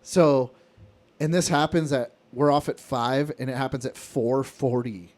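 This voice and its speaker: A man's voice: mid-range voice, measured pace, darkish tone. A man co-hosting a podcast, telling a long work anecdote in casual chat, with restarts and acted-out quotes. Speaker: podcast co-host.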